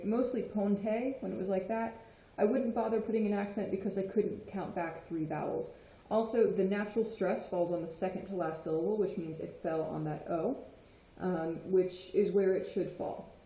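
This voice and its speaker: A woman's voice: medium pitch, steady tone, normal speed, hardly any pauses, dark tone. A woman explaining Spanish grammar in a patient lesson, often checking in with "okay?". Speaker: Spanish teacher. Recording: echoey room.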